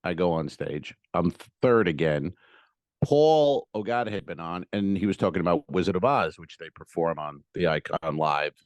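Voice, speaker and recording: A man co-hosting a comedy podcast, telling profane, jokey stand-up stories in a casual, animated way. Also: low voice, moderate pace, dry recording. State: feeling unwell.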